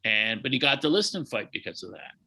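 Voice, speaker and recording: A boxing historian tells anecdotes in a casual chat, acting out quotes with lively energy. His voice is bright and forceful, at an ordinary male pitch. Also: brisk, rough recording. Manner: animated anecdotes with acted-out quotes.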